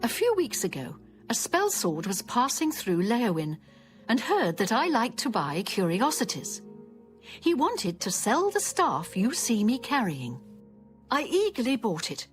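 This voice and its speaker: Fed up game townswoman, highish voice, bouncy pitch, chatty. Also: huge pitch swings, a little slow, faint music behind. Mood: rueful. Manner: exasperated, chatty storytelling. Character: harried townswoman plagued by scamps. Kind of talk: video game voice acting.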